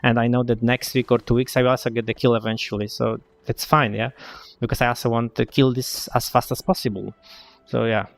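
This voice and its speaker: A man in casual voice chat as a raid guild applicant, earnest and agreeable, halting and searching for words with many restarts. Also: mid-range voice, little pitch movement, gravelly, no room sound, faint music behind.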